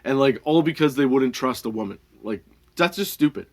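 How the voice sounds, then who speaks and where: A man's voice: medium pitch, lively intonation, a little fast. A man hosting a comedy podcast, telling a workplace story in a heated, profane, rambling way, often laughing between lines. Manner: rambling with many restarts and fillers. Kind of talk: casual storytelling monologue.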